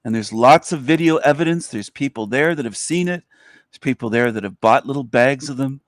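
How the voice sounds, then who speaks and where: A man's voice: mid-range voice, animated, fairly quick, no echo, studio quality. A man hosting a livestream in casual commentary, often talking in a sarcastic, mock-sincere way. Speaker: livestream host.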